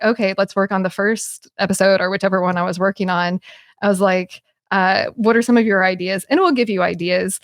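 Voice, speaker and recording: A woman talking casually as a podcast guest, animated, with many fillers and restarts. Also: medium pitch, no echo, clean studio sound. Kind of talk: casual conversation.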